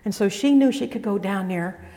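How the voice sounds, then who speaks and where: A middle-aged woman preaches in a reverberant hall. Her storytelling is folksy and conversational, full of restarts. Her voice sits at a middling pitch. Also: normal speed, mellow. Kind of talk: sermon.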